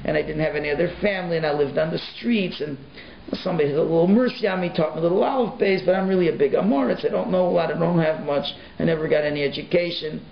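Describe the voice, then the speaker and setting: Guy doing a humble poor porter, meek and teary, bit higher than his own voice, echoey muffled room. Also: fast, creaky, crowd noise. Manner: plain, self-effacing, tearful pleading.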